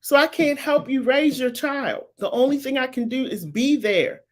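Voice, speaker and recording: A woman's voice: high-pitched, moderate pace. A woman, hosting a live commentary show and making her points with emphatic, repetitive insistence. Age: 50s. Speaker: talk show host. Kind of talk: live-streamed commentary answering viewers.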